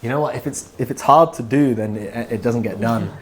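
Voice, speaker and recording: A man, a musician, chatting casually in an interview in a relaxed, rambling way that trails off softly at times. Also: mid-range voice, fairly quick, slight background noise. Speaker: musician guest.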